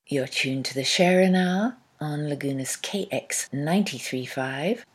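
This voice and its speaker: A woman hosts her own evening radio talk show. Her voice is low and slightly husky. She delivers a measured, reflective scripted monologue.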